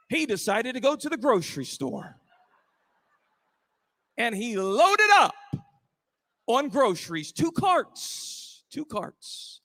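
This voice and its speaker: High-voiced shouting preacher man. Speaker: pastor. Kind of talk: rally sermon storytelling.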